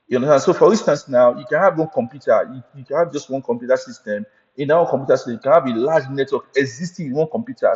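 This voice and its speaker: A man's voice: on the high side, darkish tone. A man teaching an IT certification lesson, repeating points and often checking in with "right?" and "you understand?". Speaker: IT certification instructor. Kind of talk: recorded training lecture. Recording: muffled audio with long hall reverb.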